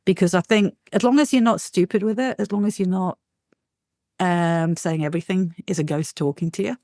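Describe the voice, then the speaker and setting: A woman paranormal investigator, telling lively anecdotes as a guest, acting out quotes and laughing often. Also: on the low side, a little fast, dry recording, studio quality. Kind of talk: animated storytelling in an interview.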